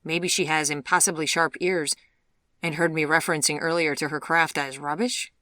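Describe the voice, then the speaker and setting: A woman voicing a proper, skeptical young gentleman in an audiobook, speaking politely but dismissively in formal phrases. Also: fairly high pitch, steady tone, moderate pace, no echo. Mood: wry. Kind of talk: audiobook character voice.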